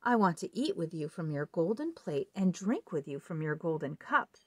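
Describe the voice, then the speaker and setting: A woman voicing a small, ugly, persistent male frog in a children's storybook read-aloud, in a high wheedling voice. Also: very animated, normal speed, breathy edge, dry recording. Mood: coaxing.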